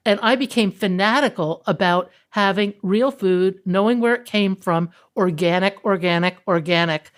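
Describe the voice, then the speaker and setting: A woman's voice: mid-range voice, normal speed, few pauses. A woman hosting a podcast, responding to her guest by relating her own experience. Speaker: podcast host. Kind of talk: interview chat.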